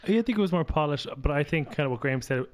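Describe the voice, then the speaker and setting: A man making relaxed, brief comments in a casual podcast chat. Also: a little high, very fast.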